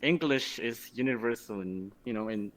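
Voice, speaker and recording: A man from Malaysia with a Malaysian accent, a guest in a casual interview, talking hesitantly with many restarts and soft trailing ends. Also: medium pitch, moderate pace. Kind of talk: casual chat.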